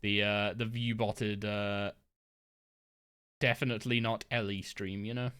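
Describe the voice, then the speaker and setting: A woman's voice: rumbling low, flat delivery, a little slow, fairly bright tone, smooth. A woman live-streaming a game from her home desk, chatting casually and rambling with lots of fillers and restarts. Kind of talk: casual live-stream chat while gaming.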